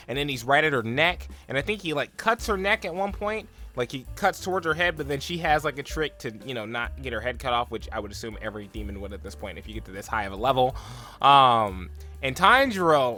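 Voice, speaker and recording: A man's voice: medium pitch, lively intonation, pushed and bright, faint music behind. A young man recapping an anime episode in a loose, rambling way, full of "like" and "um", now and then acting out characters' lines. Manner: rambling, filler-heavy retelling, full of "like" and "um"; acts out characters' lines in quick put-on voices. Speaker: anime reaction vlogger. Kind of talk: casual episode recap and reaction.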